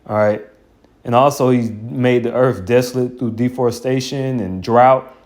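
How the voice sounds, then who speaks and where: A man's voice: medium pitch, fairly even intonation, normal speed, darkish tone. A man teaching scripture in an informal, blunt and colloquial way, with scornful asides. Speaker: Bible teacher.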